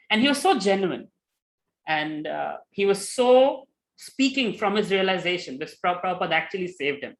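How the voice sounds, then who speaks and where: A man giving a spiritual talk, telling a story with lively retellings and many fillers. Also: high-pitched, normal speed, poor audio. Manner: animated, with many fillers and acted quotes. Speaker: spiritual teacher.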